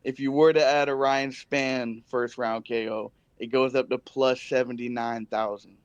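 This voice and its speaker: A man calls in to a show and talks through his picks, relaxed and a little rambling. His voice is smooth and clear. The sound is dry and close, with no room echo. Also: mid-range voice, moderate pace, dull audio. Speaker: caller. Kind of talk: casual chat.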